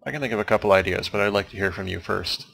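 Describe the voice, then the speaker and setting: Young male let's-player, low gravelly voice with a bright, forward edge, dry, wry rambling commentary. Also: very fast, a little hiss or hum. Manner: wry, dry jokes, meandering asides. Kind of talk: casual rambling commentary over game credits.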